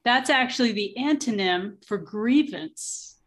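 A woman's voice: fairly high pitch, expressive. Eager woman in casual chat. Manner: enthusiastic, halting starts. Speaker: participant.

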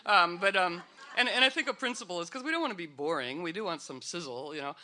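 A man's voice: high-pitched, animated, fast, bright, forceful tone. A man speaking to a live audience in a meandering, playful way, full of fillers and restarts. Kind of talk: rambling, humorous talk to an audience.

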